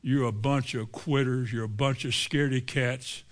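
A male preacher voicing a scornful giant warrior who mocks frightened soldiers, in a lower, quieter jeering tone. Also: steady tone, normal speed, lightly acted.

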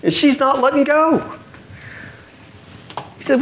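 Animated middle-aged male preacher. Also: a little high, normal speed, slight background noise. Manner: animated, storytelling preacher acting out voices. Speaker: pastor. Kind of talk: sermon.

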